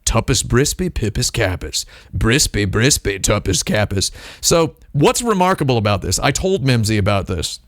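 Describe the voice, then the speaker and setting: A man hosting a live stream, talking in a rambling, deadpan comedic monologue and playing with made-up words. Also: moderate pace, no echo, studio quality. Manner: deadpan, playful with invented words, lively pitch swings. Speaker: streamer host.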